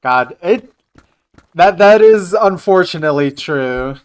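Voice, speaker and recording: Male game streamer, playful and chatty, clear tone. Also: high-pitched, lively intonation, takes it slowly. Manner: joking, chatting with viewers. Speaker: livestreamer. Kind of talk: casual gaming livestream chat.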